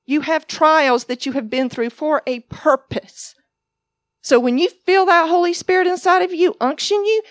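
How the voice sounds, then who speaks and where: A woman teaches a sermon, weaving her testimony into lively storytelling. Her voice sits fairly high, and she acts out other people's lines as she goes. The sound is dry and close, with no room echo. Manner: animated storytelling, acting out voices in quotes. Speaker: ministry teacher.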